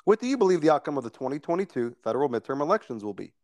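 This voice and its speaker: A man hosting a podcast, steering the chat from topic to topic with a wry edge. His voice is a little high and sits in a dry, close recording with no room sound. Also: sing-song, very fast, a little mellow, dry recording. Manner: wry, leads the segments. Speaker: podcast host. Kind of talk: casual political chat.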